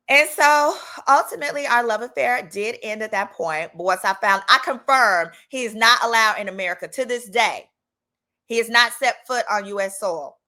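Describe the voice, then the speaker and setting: Bright sassy woman telling a story. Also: medium pitch, fast. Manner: animated, sassy, talks straight to viewers. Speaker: lawyer and channel host. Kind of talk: casual storytime.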